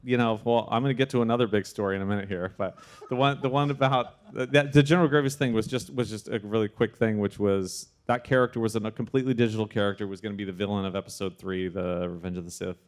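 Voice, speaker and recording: A man speaks in a slightly low voice as he tells a story to a live audience. He is lively and chatty, trips over his own sentences, restarts them and breaks into laughter. He sounds like a sound designer sharing backstage memories. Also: fast talker, few pauses. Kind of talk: anecdotal storytelling at a live panel. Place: live evening event before an audience.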